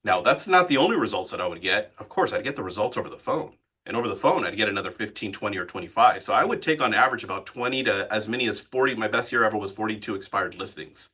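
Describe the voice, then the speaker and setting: Bright, husky-voiced man coaching a group. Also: lowish voice, fast talker. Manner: animated, asks the group questions. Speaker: real estate sales coach. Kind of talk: live training session.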